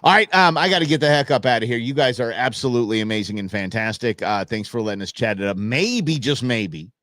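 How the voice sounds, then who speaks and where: A man's voice: medium pitch, animated, fast, fairly bright tone, dry recording. A man hosting a live show, chatting casually, laughing often and reacting to viewer comments. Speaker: livestream host. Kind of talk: casual live-stream chat.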